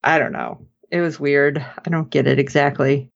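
A woman's voice: moderate pace, creaky, muffled recording. A woman on a podcast chatting casually about a TV episode, acting out the characters' lines as she recaps. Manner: animated, acts out characters' lines with big pitch jumps. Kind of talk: casual chat.

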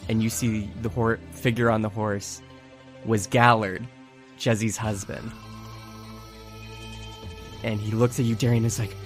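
A man narrating as game master of a tabletop game, playful and unhurried, with faint music behind. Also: on the low side, flat delivery. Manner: slow, playful narration with laughs.

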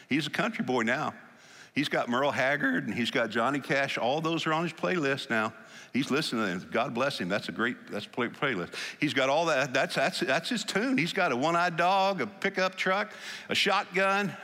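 Bright-voiced preacher in an echoing hall. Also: male voice, medium pitch. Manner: animated storytelling, acting out scripture quotes. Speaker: pastor. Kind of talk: sermon.

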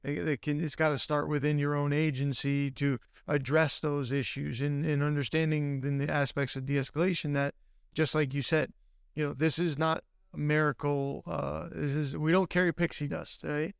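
A podcast host and attorney asks long, halting questions with restarts. His voice is gravelly and smooth at once, a touch high. The recording is dry and close. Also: level tone, no room sound. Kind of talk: podcast interview.

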